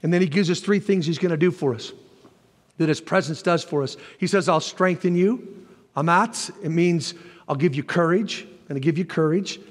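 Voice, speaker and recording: A man preaching a sermon as pastor, animated, with folksy asides to the congregation and sudden shouted lines. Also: a little high, normal speed, in a large hall. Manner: animated preaching, jumps to shouts when voicing God.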